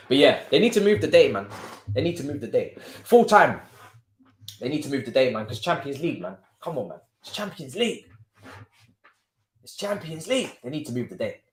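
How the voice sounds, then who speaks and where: A man's voice: medium pitch, expressive, fast talker, slight background noise. A man hosting a live football watchalong, chatting casually and joking in heavy slang. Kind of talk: casual live-stream chat and match commentary. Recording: roomy echo.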